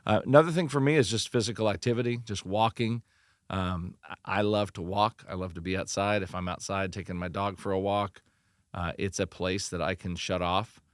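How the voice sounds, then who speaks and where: A middle-aged man with a low voice talks as a pastor in a podcast interview. He is earnest and animated, and he often restarts his sentences. The recording is dry and close. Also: brisk, clear, resonant tone, no echo. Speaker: pastor and church leadership consultant.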